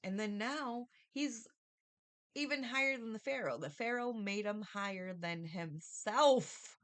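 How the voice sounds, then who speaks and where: A woman's voice: medium pitch, animated, measured pace. A woman giving a casual, rambling Bible study review, thinking aloud and often asking "right?".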